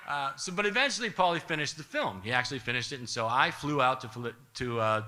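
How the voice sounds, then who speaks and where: A man telling a comic story live to an audience, animated and wry, chuckling through his punchlines. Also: medium pitch, quick pace, few pauses, a little hiss or hum.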